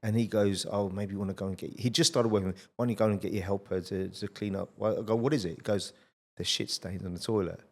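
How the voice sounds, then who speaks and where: A middle-aged man with a fairly low voice hosts a podcast in relaxed conversation. He tells energetic, blunt anecdotes and swears freely. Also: fast. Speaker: podcast host. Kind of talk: casual conversational storytelling.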